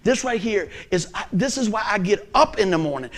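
A male pastor preaching a sermon, emphatic and animated, with folksy asides. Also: high voice, fairly quick.

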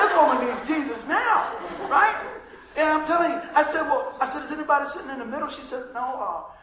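A male pastor telling a lively story in a sermon, acting out the dialogue and laughing often. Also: high voice, roomy sound, slight background noise, poor audio.

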